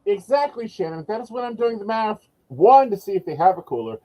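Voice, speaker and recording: A man's voice: high voice, big pitch swings, fairly quick, warm tone, poor audio. A man co-hosting a casual chat, making wry, dry asides. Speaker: podcast co-host, psychic.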